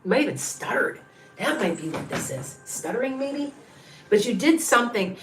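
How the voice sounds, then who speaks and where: On a livestream, a middle-aged woman does psychic readings over background music, her fairly high voice swinging widely in pitch at a moderate pace. She rambles and repeats herself while thinking aloud, reading viewers' names and counting under her breath.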